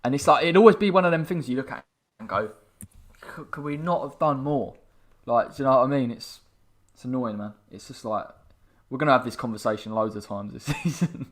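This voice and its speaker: A man co-hosting a football watchalong. He is chatty and animated, and laughs often as he talks. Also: mid-range voice, brisk. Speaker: fan co-host of a match watchalong. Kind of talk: casual football chat.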